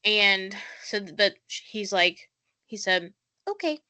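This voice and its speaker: Chatty bright-voiced woman podcaster. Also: mid-range voice, little pitch movement, slow. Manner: chatty, lots of "like" fillers, acts out quotes. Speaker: podcast co-host. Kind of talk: casual recap chat.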